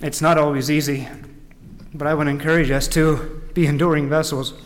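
Earnest preacher in an echoey hall. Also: male voice, a little high, little pitch movement, normal speed. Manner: earnest, reflective, with restarts. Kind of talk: sermon.

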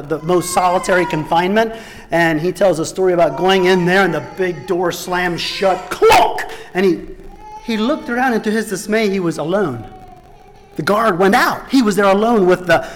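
A middle-aged man preaching a sermon, telling stories with emphatic peaks and soft asides. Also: high voice, a little hiss or hum. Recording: long hall reverb.

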